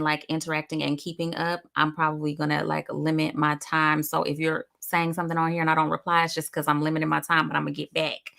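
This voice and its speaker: A chatty woman hosts a casual live stream and talks straight to her viewers. Her voice sits a little low but sounds bright and forward. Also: creaky. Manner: chatty, upbeat, addresses viewers as y'all. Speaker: host of a live show.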